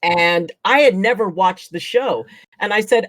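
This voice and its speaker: A woman's voice: on the low side, unhurried, a bit bright, no room sound. A woman, a chiropractor, guesting on a casual chat show and telling stories animatedly, acting out what people said and laughing often.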